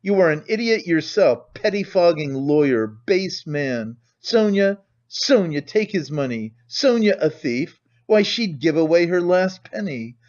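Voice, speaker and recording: A man's voice: sing-song, unhurried, few pauses, darkish tone. A man reading an audiobook voices a hysterical, frantic widow who shrieks accusations. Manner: shrill, frenzied, accusing. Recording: dull lo-fi recording.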